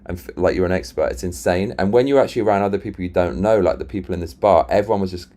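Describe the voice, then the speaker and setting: Man, very low voice, casual rambling stream talk, retells arguments, stumbles and restarts. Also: very fast, dark tone. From Britain. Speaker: live-stream host. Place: London.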